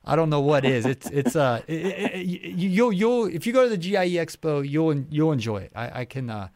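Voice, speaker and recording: A man's voice: on the high side, very animated, brisk, a little mellow, no room sound. Chatty man hosting a podcast. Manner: rambling, chatty, with many restarts and fillers. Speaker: podcast host. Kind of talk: casual interview chat.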